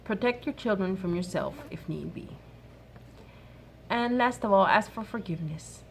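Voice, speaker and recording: Casting note: woman in her thirties, mid pitch, sincere and soft-spoken, faint hiss behind her. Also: normal speed, vocal fry. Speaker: mom sharing a workshop talk. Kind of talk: gentle faith-based advice talk.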